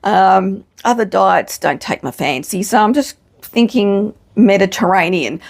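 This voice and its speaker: A woman's voice: mid-range voice, slow pace, a little mellow. A middle-aged woman, chatting casually to camera in a frank, self-mocking way and swearing freely. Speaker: vlogger. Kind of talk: casual chat.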